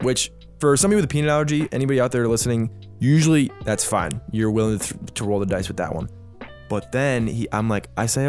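Young male podcast co-host, lowish voice, chatty and fed-up, faint music under. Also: fairly quick, darkish tone. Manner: storytelling, exasperated, swears casually. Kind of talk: casual chat.

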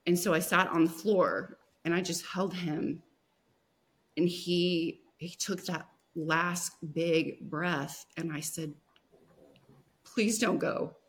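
A woman guest on a podcast, telling a personal story in a soft, emotional way with many pauses and restarts. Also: on the low side, flat delivery.

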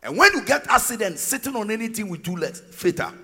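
A man preaching a sermon as pastor, emphatic and sing-song, rising to shouted peaks. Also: high-pitched, big pitch swings, quick pace, husky. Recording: long reverb of a large hall.

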